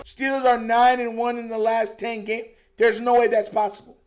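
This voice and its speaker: A man streams a game watch-along and talks over it as a fan, thanking donors and arguing his case. His voice sits very high for a man, and he reacts quickly and excitedly to every play. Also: faint music behind. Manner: excitable, reads out donations, argues with himself. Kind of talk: casual fan commentary over a live broadcast.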